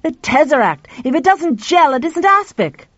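A woman voicing a frustrated man who speaks in high, fretful exclamations. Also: lively intonation, takes it slowly, a little mellow, no room sound, highs cut off. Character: man upstairs, frustrated, high-voiced, exasperated.

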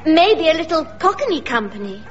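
A woman's voice: sits high, sing-song, moderate pace, highs cut off, soft background music. A woman playing a genteel wife who puts on a brassy, saucy street persona.

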